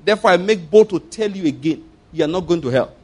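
A man's voice: high voice, expressive, fast, darkish tone, breathy edge. A man preaching as a pastor in an emphatic sermon, repeating phrases and asking rhetorical questions.

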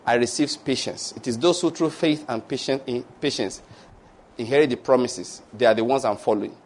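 Pastor preaching with laughter. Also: male voice, mid-range voice, a little fast. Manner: lively preaching, laughs at his own stories, call-and-response blessings. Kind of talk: sermon with closing prayer and blessings.

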